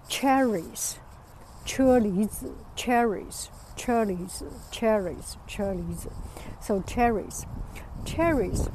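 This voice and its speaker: A woman from China with a Chinese accent, chatting casually on a walk outdoors, hesitant with many pauses and fillers. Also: a little high, mellow, a little hiss or hum, poor audio. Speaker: vlogger. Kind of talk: casual walking chat.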